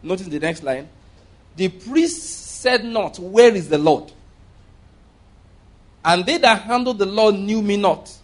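A man with a notably high voice preaches a sermon. He reads scripture aloud and stresses key words for emphasis. Now and then he stops short and restarts a phrase. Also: animated, slow pace, pauses often.

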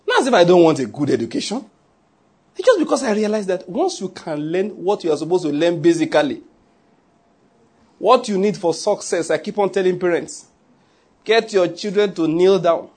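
Nigerian male pastor, husky and slightly high, chatty joking sermon delivery. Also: darkish tone. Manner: joking, conversational preaching with pidgin asides.

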